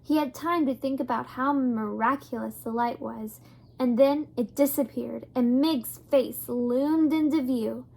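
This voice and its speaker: High-pitched woman reading a kids novel out loud, calm and gentle. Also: a little slow, gravelly. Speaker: reader. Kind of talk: reading a children's novel aloud.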